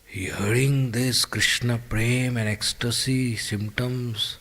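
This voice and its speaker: A man's voice: mid-range voice, steady tone, takes it slowly, fairly bright tone. A man giving a devotional scripture class in a temple, telling a story with acted-out voices and chanted verses. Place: temple hall.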